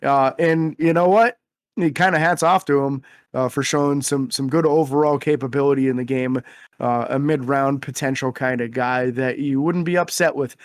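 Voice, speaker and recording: A young man co-hosting a casual sports podcast, talking energetically and quick to exclaim. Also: mid-range voice, fairly even intonation, dry recording. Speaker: podcast co-host.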